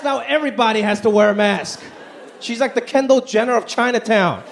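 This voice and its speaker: A man's voice: sits high, vocal fry. A man performing a stand-up comedy set on a live stage, talking with animation and putting on quoted voices. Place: live stage before a laughing audience. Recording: live show with crowd and faint noise.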